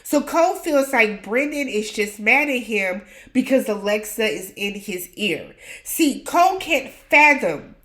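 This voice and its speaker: A woman's voice: a little high, a bit bright. A woman host giving a casual, opinionated recap of a reality show, blunt and full of slangy asides.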